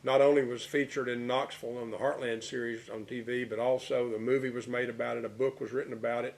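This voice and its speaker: A middle-aged man, telling rambling, animated anecdotes in an interview. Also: medium pitch, fast, gravelly. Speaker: interviewee, local storyteller. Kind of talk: casual storytelling interview.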